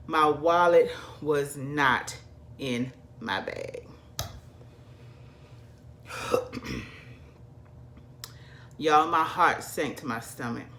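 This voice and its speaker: A woman's voice: low voice, very slow, pauses often, bright, forceful tone, a little hiss or hum. A woman from the South, chatting animatedly to her viewers as she tells a personal story. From American South. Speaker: vlogger. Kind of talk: casual storytelling.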